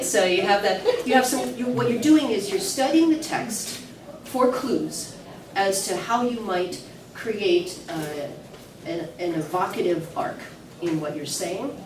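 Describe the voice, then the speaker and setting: A woman's voice: fairly low pitch, background noise. A woman teaching a singing workshop to a class, chatty, with many fillers and restarts, recorded from afar in an echoey classroom. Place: classroom at an early music event. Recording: echoey room mic from far off.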